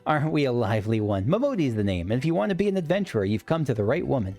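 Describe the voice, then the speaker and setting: A man voicing a brisk, motherly woman who runs an adventurers' guild in a video game, breezy and teasing. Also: medium pitch, big pitch swings, a little mellow, soft background music. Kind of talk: reading game dialogue aloud.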